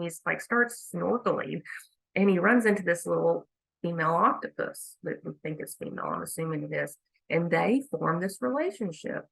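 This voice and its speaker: Woman chatting about god and life, lowish voice with some fry, just telling a story casually. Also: fairly bright tone, low-quality recording. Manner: candid, conversational storytelling. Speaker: speaker sharing a faith reflection. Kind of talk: casual faith talk to viewers.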